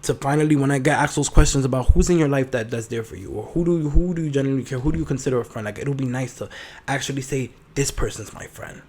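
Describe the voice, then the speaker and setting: A 21-year-old man hosting his own podcast, talking in a sassy, profane, animated solo monologue full of fillers. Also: mid-range voice, very fast. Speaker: podcast host.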